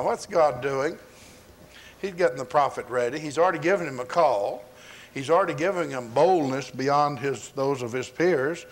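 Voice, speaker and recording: A pastor preaching a folksy storytelling sermon, retelling scripture and acting out its voices, on a 1980s sermon recording. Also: male voice, mid-range voice, a little hiss or hum.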